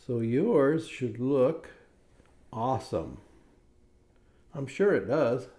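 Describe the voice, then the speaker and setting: Slow-talking man teaching a drawing lesson. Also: medium pitch, sing-song, warm tone. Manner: friendly, encouraging, asks "right?" often. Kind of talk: step-by-step drawing lesson for kids.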